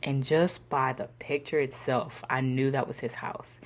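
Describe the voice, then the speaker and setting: A young woman telling a personal story in a slangy, conversational way, sometimes dropping into soft whispers. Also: a bass voice, steady tone, a little slow, slight background noise. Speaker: discussion participant.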